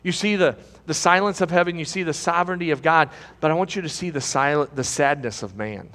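A high-pitched man delivers a sermon from a pulpit in a church. He moves between soaring, loud cries and hushed, low passages, and he often repeats phrases. His voice carries a long reverb through the large hall. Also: steady tone, fast talker. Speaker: preacher. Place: church sanctuary.

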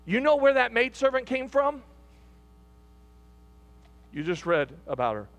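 A man's voice: very high-pitched, sing-song, a little slow, fairly bright tone. A middle-aged male pastor giving a conversational sermon, repeating phrases and asking the congregation questions.

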